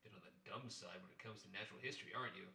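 A man reading the part of an easygoing thirties husband and art teacher, relaxed and joking in his manner. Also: on the low side, rapid-fire, vocal fry, roomy sound, far from the mic, full character voice, poor audio. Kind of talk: amateur play reading.

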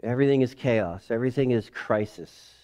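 A man in his forties preaching a sermon in a casual, animated way, acting out family scenes. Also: mid-range voice, fairly quick, dull audio. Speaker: pastor. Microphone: headset or lapel mic.

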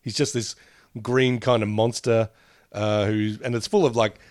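Aussie bloke rambling on a podcast, lots of laughing, super dry close sound. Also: male voice, fairly low pitch, flat delivery, measured pace, a little mellow, dry recording. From Australia. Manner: meandering, reminiscing, laughs often. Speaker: podcast co-host. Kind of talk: casual chat.

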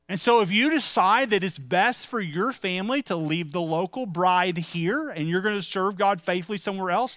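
A man's voice: high-pitched, animated, moderate pace, hardly any pauses, fairly bright tone, no echo, studio quality. A middle-aged male pastor giving a sermon in a conversational way, asking the congregation questions and turning stern and emphatic. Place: church sanctuary.

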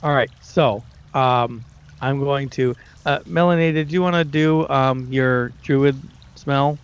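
Halting male tabletop player. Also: medium pitch, smooth, muffled recording. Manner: halting, with fillers and laughs. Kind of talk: casual tabletop play.

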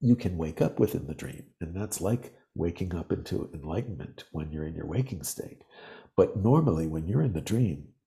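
A man talking as a podcast guest, explaining ideas in earnest, animated storytelling. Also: deep voice, normal speed, creaky. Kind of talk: reflective interview talk.

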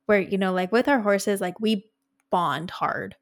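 A woman co-hosting a podcast in casual chat, speaking in a relaxed, reflective way. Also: medium pitch, a little slow. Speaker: podcast co-host.

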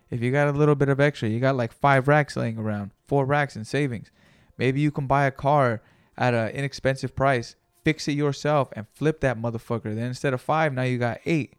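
A man's voice: mid-range voice, clear, resonant tone, no echo, studio quality. A man hosting a solo podcast, talking in a casual, rambling, profane and motivational way. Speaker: podcast host.

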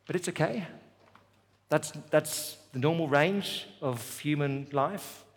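A man's voice: on the high side, takes it slowly, long reverb tail, a little hiss or hum. A man preaching a sermon at a festival, with an emphatic, repetitive cadence. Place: festival venue.

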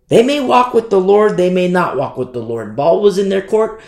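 A man's voice: big pitch swings, normal speed, gravelly, a little mellow, roomy sound. A man preaching a sermon to young listeners, impassioned and repetitive. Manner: repetitive, impassioned, sweeping pitch swings.

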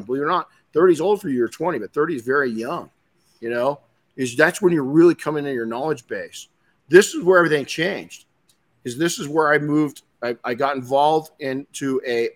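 A man's voice: medium pitch, fairly bright tone. Middle-aged male podcast host, blunt casual storyteller, mid-range voice. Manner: blunt, swears, many restarts. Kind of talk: casual motivational talk.

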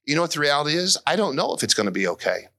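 A middle-aged man preaching a sermon as pastor, earnest and emotional, his voice climbing high as he is moved. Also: very animated, very fast, pushed and bright.

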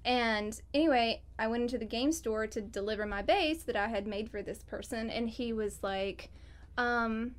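Chatty higher-voiced woman. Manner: chatty, rambling, laughs often. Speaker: guest on a gaming podcast. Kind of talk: casual interview chat.

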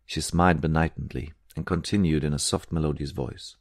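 A man narrates an audiobook with a measured, even delivery. His voice is very deep. The recording is dry and close, with no room echo.

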